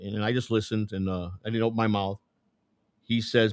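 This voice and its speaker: On a studio-quality recording with no room sound, a show host with a smooth, lowish voice rambles through a long personal story at a moderate pace and level tone. The casual tale is profane, with repeated words and restarted sentences.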